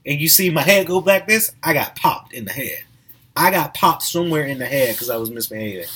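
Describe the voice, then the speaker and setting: A young man hosting a podcast, telling stories in a casual, animated way with frequent laughs and restarts. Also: on the high side, fairly quick, noisy background. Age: young adult. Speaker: podcast host. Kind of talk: casual storytelling monologue.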